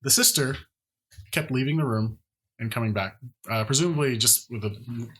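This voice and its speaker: Casting: man of mid pitch, easygoing game master, describes scenes with frequent fillers. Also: moderate pace, breathy edge. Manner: relaxed, many fillers. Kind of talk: narrating a tabletop game.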